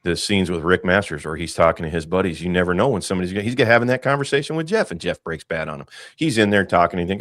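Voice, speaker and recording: Man, very low voice, podcast host, casual movie chat, rambling, jokey, dry close sound. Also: quick pace, no echo. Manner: animated, rambling, jokey, swears freely.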